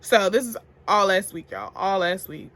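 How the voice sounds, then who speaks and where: A young woman telling a story to camera in a casual, profane, animated way, getting loud and then hushed. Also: mid-range voice, moderate pace. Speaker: beauty vlogger.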